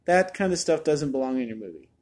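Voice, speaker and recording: A man's voice: a little high, expressive, fast, darkish tone. A man giving a casual spoken movie review, chatty and exasperated, often repeating words as he restarts a thought.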